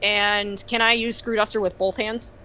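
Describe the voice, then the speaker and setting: A woman playing a tabletop game, talking in a hesitant, halting way and often restarting her sentences. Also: mid-range voice, flat delivery, bright, forceful tone, muffled recording. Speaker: player.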